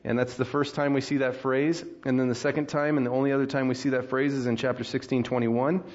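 A man's voice: medium pitch, fast. Conversational male preacher, slightly muffled. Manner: conversational, animated when acting out frustration. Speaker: pastor. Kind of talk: sermon.

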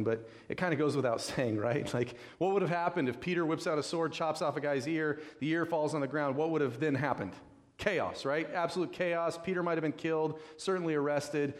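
A man preaching a sermon in a conversational, animated storytelling manner, often asking "right?". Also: a little high. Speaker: pastor.

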